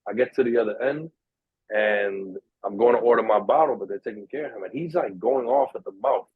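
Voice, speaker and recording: A man's voice: lowish voice, a little fast, slightly rough, no echo. A young man, casually telling a long story on a podcast, swearing freely and acting out the voices of the people in it. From New York. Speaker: podcast co-host. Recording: tinny, dry, narrow-band sound.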